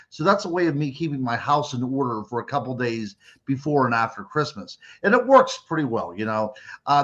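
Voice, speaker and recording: A man's voice: mid-range voice, fairly bright tone, lo-fi sound. A middle-aged man from Western Pennsylvania, a radio guest reflecting on family traditions in a rambling, easygoing way. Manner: reflective, rambling, many fillers. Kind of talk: casual radio chat.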